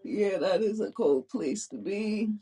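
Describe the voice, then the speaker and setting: Slow, husky-voiced woman. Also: mid-range voice, animated, dark tone. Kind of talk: casual chat.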